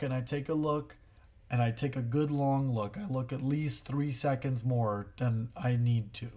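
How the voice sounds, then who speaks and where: A man's voice: mid-range voice, steady tone, a little slow, dark tone. A man co-hosting a casual parenting chat, explaining tips earnestly and acting out what he says to his child. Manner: earnest, explanatory, acts out short quotes. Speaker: podcast co-host, father.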